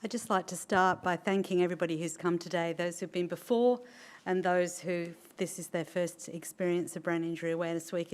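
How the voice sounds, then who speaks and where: A woman's voice: on the low side, darkish tone. A woman, the head of an organisation, giving a formal prepared speech. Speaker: organisation chief executive.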